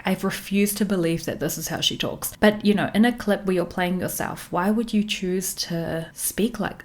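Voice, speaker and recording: Chatty, opinionated woman podcast host. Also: on the low side. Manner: chatty, opinionated, lots of fillers. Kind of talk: casual pop-culture commentary.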